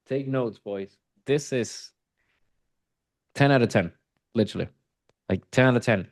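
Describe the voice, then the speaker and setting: A man's voice: medium pitch, measured pace, no echo. Emphatic male sales coach. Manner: praising, emphatic repetition. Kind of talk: coaching commentary.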